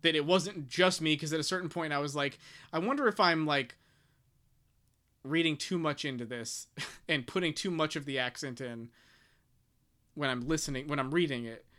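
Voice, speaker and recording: Casual male co-host, bright and crisp, halting delivery with lots of fillers. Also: fairly high pitch. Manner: hesitant, many restarts and fillers, reads passages aloud. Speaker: podcast co-host discussing a book. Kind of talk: casual chat.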